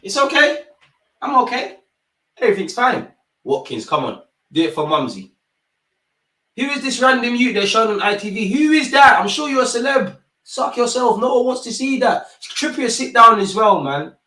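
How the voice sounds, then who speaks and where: Animated man yelling at the match. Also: very high voice, normal speed. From England. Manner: animated, yells at the screen, swears, heavy street slang. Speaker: football watchalong host. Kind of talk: live match watchalong commentary.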